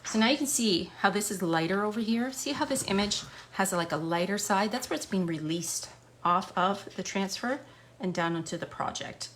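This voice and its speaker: A middle-aged woman with an English Canadian accent walks viewers through a live craft tutorial, chatting through each step as she works. Her voice sits at a middling pitch, picked up by a camera on a stand. The room echoes, with steady noise behind her. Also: normal speed. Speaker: furniture painting demonstrator.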